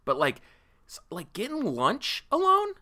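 A man co-hosting a casual podcast, with a bright, forward voice. His pitch rises and falls a lot as he rambles, laughs and swears freely. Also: wildly swooping pitch, measured pace. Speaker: podcast co-host. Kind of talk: casual chat.

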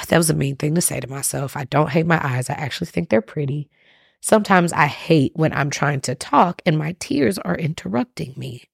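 A woman's voice: low voice, expressive, moderate pace, vocal fry, husky, no room sound, studio quality. A woman hosting a solo podcast, talking candidly and emotionally straight to her listeners. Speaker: podcast host.

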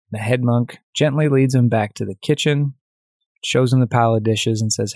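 A man hosting his own coaching podcast, telling a story in a direct, energetic, conversational way. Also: mid-range voice, normal speed, no room sound, clean studio sound.

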